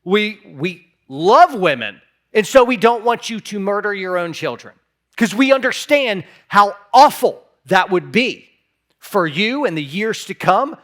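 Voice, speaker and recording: A man's voice: high voice, sing-song, measured pace, fairly bright tone. A man preaching a sermon as pastor, impassioned, sometimes acting out imagined replies in a raised voice.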